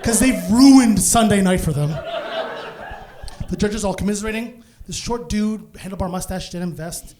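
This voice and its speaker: A man from Canada doing stand-up storytelling on a comedy club stage, animated and laughing through his punchlines. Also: high voice, normal speed, noisy background.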